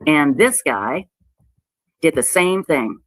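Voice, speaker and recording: A woman telling a personal story in a halting, emotional way, often repeating herself and close to tears. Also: sits low, animated, no echo, low-quality recording. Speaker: website owner telling her story. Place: played clip of a livestream.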